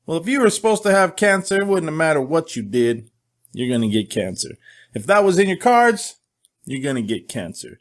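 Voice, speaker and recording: A man's voice: fairly high pitch, moderate pace. Candid middle-aged man telling a story. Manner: candid, joking, animated storytelling. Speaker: host. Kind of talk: casual monologue.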